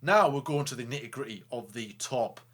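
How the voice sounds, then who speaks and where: Guy chatting racing, bright voice, jokey and restarting a lot. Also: mid-range voice, fairly quick. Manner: animated, joking, many restarts. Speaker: co-host. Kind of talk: casual chat.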